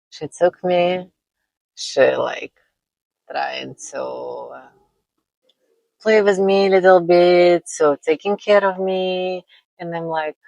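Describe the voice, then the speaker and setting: A woman tells her own story in careful, non-native English, her low voice slightly gravelly. She speaks slowly and haltingly, often breaking into light laughter between phrases. The sound is close and dry, with no room around it. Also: no room sound, poor audio. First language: not English. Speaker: vlogger. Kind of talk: personal storytelling.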